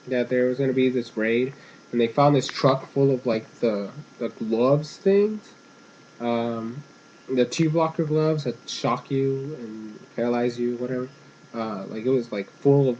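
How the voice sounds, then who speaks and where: A man's voice: medium pitch, warm tone, a little hiss or hum. A young man giving a casual, meandering spoken recap of a cartoon episode as a reviewer. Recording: dull lo-fi home recording.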